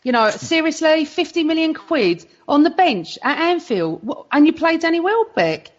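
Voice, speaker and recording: A woman, a guest on a podcast, talking in an animated way and ranting with plenty of swearing. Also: sits high, moderate pace, muffled recording. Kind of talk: casual podcast chat.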